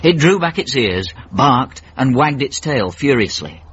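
Husky man narrating a radio comedy, deep-ish voice, muffled old broadcast. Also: sing-song, unhurried, a bit bright.

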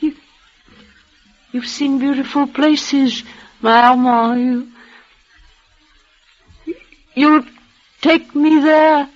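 An actress playing a dying young woman in a vintage radio drama, speaking in a breathless, halting, tremulous way. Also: high-pitched, fairly even intonation. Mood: tender. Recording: dull old radio recording.

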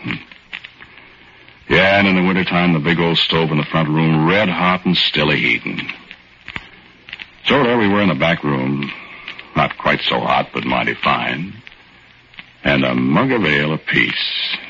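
A man's voice: rumbling low, animated, measured pace, pauses often, sharp tone, a little hiss or hum, heavily acted. An actor narrating as a folksy, easygoing working man, in 1940s radio acting. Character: easygoing working man telling his story. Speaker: narrator and lead character. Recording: dull old radio recording with music.

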